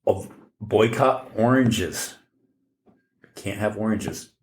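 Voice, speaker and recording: A man's voice: lowish voice, slow. A man co-hosting a podcast in casual chat, talking bluntly with frequent swearing and repeated words. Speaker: podcast co-host. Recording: roomy echo.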